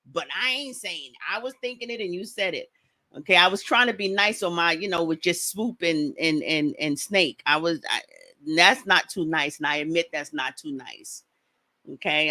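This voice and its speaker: A woman hosts a casual livestream, speaking quickly and greeting viewers one by one. Her voice is bright and forward. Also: lowish voice. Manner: fast-talking, greets viewers by name. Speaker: livestream host.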